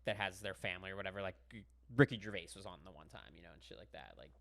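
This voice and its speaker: Fast-talking bright-voiced young man. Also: low-pitched, lively intonation, creaky. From Pittsburgh. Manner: rambling, heavy use of "like" and "dude". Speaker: podcast guest, comedian. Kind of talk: casual podcast chat.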